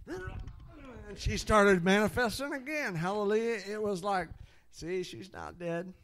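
A middle-aged man preaching, telling stories with frequent hallelujahs and laughter. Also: fairly high pitch. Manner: animated, exclaims hallelujah often, laughs at own stories. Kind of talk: sermon storytelling.

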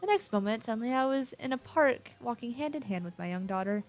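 A woman's voice: a little high, expressive, fast talker, faint music behind, pitched above the performer's own voice. A woman reading game dialogue aloud, voicing an elegant, weary noble lady in a refined, formal manner. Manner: refined, formal, a little theatrical.

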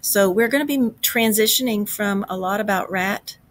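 A woman teacher reading a storybook aloud to a class, expressive, with chatty asides. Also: medium pitch, normal speed.

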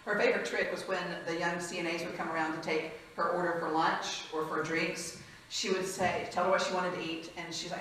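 A frank, lively woman speaking from a stage, telling stories and acting out the people she quotes. Her voice sits a little low, and it rings through a big echoey hall. The mic is well away from her, with a faint hum of ambience behind. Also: fairly quick, recorded from a distance. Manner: lively, frank, laughs often, acts out quotes. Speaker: conference speaker, former hospice chaplain. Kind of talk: storytelling conference talk.

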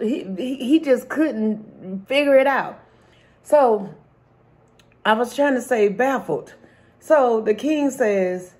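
A half-asleep woman vlogger tells a long joke between bites in a somewhat high voice. She narrates animatedly and keeps breaking into laughter. She records on a camera mic indoors at home. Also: slow pace. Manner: animated storyteller, laughs often. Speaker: mukbang vlogger and comedian. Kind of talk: joke-telling while eating.

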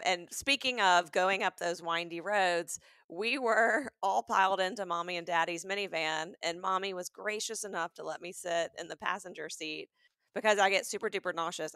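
A woman's voice: fairly low pitch, dry recording, studio quality. A woman in her forties, co-hosting a comedic podcast, tells a story in casual chat and acts out what people said. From American South. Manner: animated storytelling, acting out quotes. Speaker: podcast co-host.

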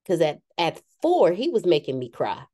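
A woman speaks to a gathered group in a candid, self-mocking motivational talk. Her voice is mellow and warm, with a close, dry sound. She sometimes slips into the voices of the people she quotes. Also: lowish voice, wildly swooping pitch, normal speed, dry recording. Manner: frank and self-deprecating, acts out quoted voices. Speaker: speaker addressing a live group.

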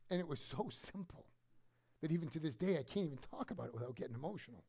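A man's voice: a little high, animated, fast, husky. Man preaching with big dynamic swings. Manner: emotional storytelling, swings from loud emphasis to hushed. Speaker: pastor. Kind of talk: sermon.

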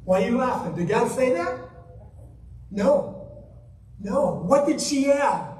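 A man's voice: very high voice, sing-song, slow pace, a little mellow. A man preaching a sermon as guest minister, emphatic and full of rhetorical questions put to the congregation. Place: church sanctuary. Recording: echoey church hall from far off.

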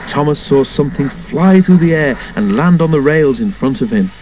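A man reading a children's storybook aloud in an expressive way, doing all the character voices himself. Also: a little high, normal speed, slight background noise, poor audio. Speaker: storybook narrator.

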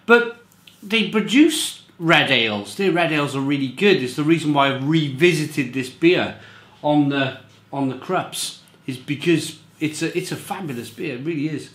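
Man, beer reviewer, rambling and emphatic, slightly high voice, echoey room. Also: expressive, normal speed, fairly bright tone. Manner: rambling, repeats himself, emphatic. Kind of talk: casual review monologue.

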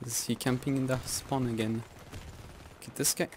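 A young man giving live gameplay commentary as channel host, rambling and often laughing or yelling at the game. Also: medium pitch, steady tone, moderate pace, background noise.

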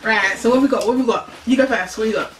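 A young woman hosting a casual mukbang chat at home, giggly and quick to laugh. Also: on the high side, faint music behind. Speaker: YouTube host. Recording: distant camera mic, faint room noise.

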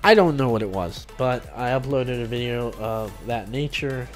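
A man's voice: mid-range voice, moderate pace. Rambling man vlogging, faint music behind. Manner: rambling, loose, with many fillers and restarts. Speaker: gaming YouTuber and streamer. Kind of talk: casual vlog talk to camera.

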